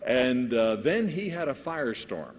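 A man who is a pastor, preaching a sermon to other pastors in a lively storytelling way, with frequent restarts. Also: medium pitch, measured pace, slight background noise. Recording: long hall reverb.

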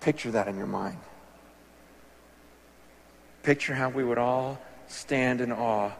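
A male pastor preaching a sermon, impassioned, swinging between loud emphasis and hushed, soft passages. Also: mid-range voice, slow pace, vocal fry, long pauses, a little hiss or hum. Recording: long reverb of a large hall.

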